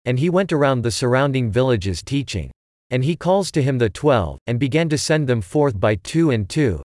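Brief: male reader, scripted scripture reading, even measured pace, dry close sound. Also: mid-range voice, no room sound.

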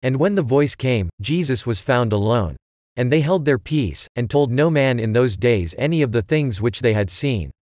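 A man's voice: mid-range voice, animated, normal speed, darkish tone, no echo. Man reading scripture, dry close sound. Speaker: scripture reader.

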